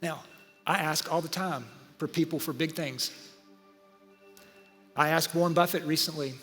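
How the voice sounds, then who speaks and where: A man preaches to his church, his voice pitched high for a man. He tells stories in a lively, chatty way and keeps turning to the congregation. The long reverb of a large church hall hangs behind his words. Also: moderate pace, faint music behind. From Georgia, USA. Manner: animated, conversational, talks to the audience. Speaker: pastor. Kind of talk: sermon with storytelling. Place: church auditorium.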